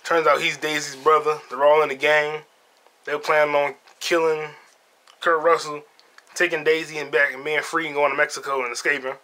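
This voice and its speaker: A man's voice: on the high side, level tone, moderate pace, sharp tone. A man hosting a podcast, retelling movie scenes in a casual, profane way and laughing as he goes. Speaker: podcast host. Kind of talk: casual solo movie review.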